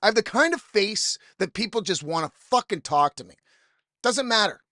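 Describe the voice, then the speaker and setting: In a clean, dry studio recording, a podcast host's high, animated voice comes through bright and forceful at a normal speed. He rambles through a casual story monologue, exasperated and swearing, with plenty of quoted asides from people he encountered.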